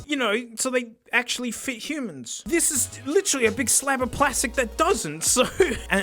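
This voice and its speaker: Australian man, gadget reviewer, sarcastic, excitable, bright forceful tone, high-pitched voice, faint music underneath. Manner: excitable and sarcastic, laughing, with big pitch swings. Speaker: host reviewing cheap headphones. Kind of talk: comedic product review.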